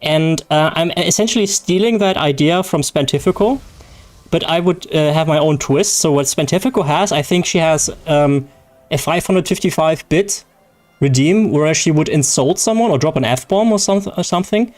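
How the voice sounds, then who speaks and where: A man's voice: on the high side, normal speed, a little mellow, faint music behind. A young man whose first language is German, chatting casually and rambling with jokes and laughter as a game streamer. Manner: rambling, joking, laughs often. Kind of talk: casual livestream chat.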